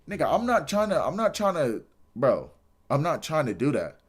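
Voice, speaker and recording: A man's voice: a little high, moderate pace, breathy edge. Exasperated young male streamer ranting. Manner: exasperated, animated, repeats himself and shouts in disbelief. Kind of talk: casual livestream rant.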